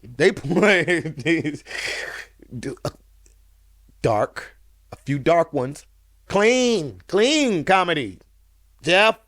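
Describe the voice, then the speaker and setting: Guy doing reaction commentary, high voice, bouncy and lively, laughs and yells a lot. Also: drawn-out words, long pauses, dry recording, clean studio sound. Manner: laughs often, exclaims loudly. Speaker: reaction channel host.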